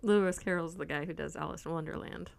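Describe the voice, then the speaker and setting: A woman's voice: deep voice, quick pace, creaky, clear, resonant tone, no room sound. Chatty woman who laughs often. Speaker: podcast co-host. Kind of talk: casual chat.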